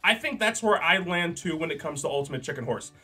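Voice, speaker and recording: Young man, jokey livestream host, slightly high voice, faint background music. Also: expressive, quick pace, pushed and bright, breathy edge. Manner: chatty, jokey, reads chat aloud. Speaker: streamer. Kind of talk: casual livestream chat.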